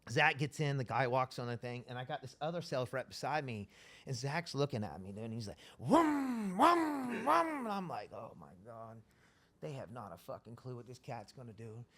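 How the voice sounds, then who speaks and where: Male interview guest, mid-pitched, profane, rambling storyteller; casual street-talk delivery. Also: a little fast, fairly bright tone.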